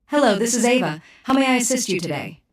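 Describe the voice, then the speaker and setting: A woman's voice: a little high, animated, quick pace. A female AI voice assistant giving polite, helpful replies.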